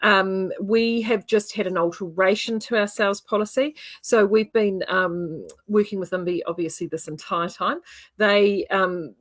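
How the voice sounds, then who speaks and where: A woman's voice: mid-range voice, steady tone, unhurried. Kiwi lady rambling on about her knitting, lots of ums, easy chatty host. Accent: New Zealand. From New Zealand. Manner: chatty, rambling, with many fillers. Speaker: yarn shop host. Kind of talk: casual livestream chat.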